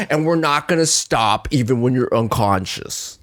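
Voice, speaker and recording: A young man co-hosting a podcast, telling a story in casual chat and acting out the shouting in it. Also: fairly high pitch, measured pace, hardly any pauses. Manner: animated storytelling, acts out quoted shouting. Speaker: podcast co-host.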